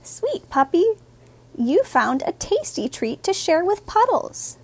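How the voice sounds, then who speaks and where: A woman, a teacher, reading a children's picture book aloud in a gentle, expressive, sing-song way. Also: very high voice, slow pace.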